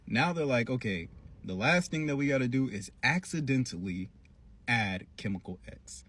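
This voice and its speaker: Brief: male reviewer, husky, slangy casual recap, lively storyteller. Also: medium pitch, normal speed. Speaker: cartoon reviewer.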